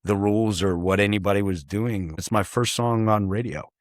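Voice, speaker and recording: Low-voiced man musing on his craft. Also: fairly even intonation, normal speed, no room sound, clean studio sound. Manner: reflective, loose, swears casually, many fillers. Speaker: guest, artist and songwriter. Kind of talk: casual podcast conversation.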